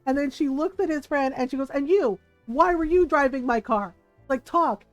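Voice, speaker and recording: A woman's voice: high-pitched, normal speed, dry recording. A woman streamer telling a story in casual chat while gaming, acting out the people she quotes and often adding "right?". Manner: chatty, acts out quoted voices, frequent "right?". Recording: dry close mic with faint game music.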